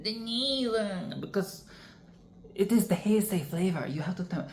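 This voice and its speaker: A woman's voice: mid-range voice, expressive, measured pace, a little mellow, a little hiss or hum. A woman hosting a casual singing lesson, chatty and self-interrupting, who often breaks into sung and exaggerated vocal demonstrations. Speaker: singing tutorial host. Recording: echoey room.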